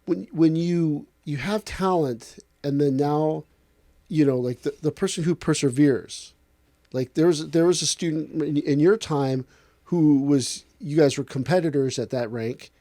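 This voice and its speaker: A man, an aikido instructor, in a casual podcast talk, telling lively stories and acting out other people's lines. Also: fairly high pitch, measured pace, dry recording. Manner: animated storyteller acting out other people's voices.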